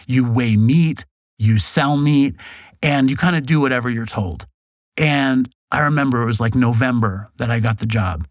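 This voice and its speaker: Middle-aged New York man, blunt and self-mocking guest storyteller, medium pitch, dry recording. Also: no echo. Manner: frank, profane, self-deprecating storytelling. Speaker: podcast guest. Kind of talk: candid storytelling interview.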